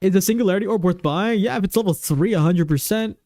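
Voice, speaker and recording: Man, game streamer, high voice, dry close sound, rambling casual chat. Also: quick pace, mellow, no room sound. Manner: rambling, chatty, answering viewers' questions. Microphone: desk microphone.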